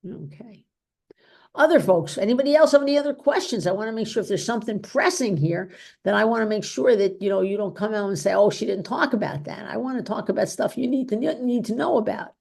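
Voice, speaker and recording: A woman's voice: a little high, animated, fast talker, vocal fry, darkish tone. A woman physician giving an informal talk and taking questions, chatty and full of "okay?" and "you know". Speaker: physician presenter.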